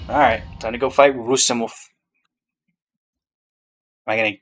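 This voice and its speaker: A man's voice: mid-range voice, fairly even intonation, normal speed, long pauses, fairly bright tone. Laid-back man muttering game commentary. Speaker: gaming content creator. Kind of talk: casual reaction commentary.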